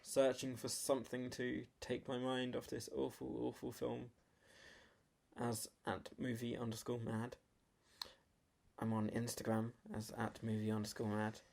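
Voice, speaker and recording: A man co-hosting a film podcast, deadpan and exasperated in casual chat. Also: mid-range voice, unhurried, gravelly. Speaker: podcast co-host.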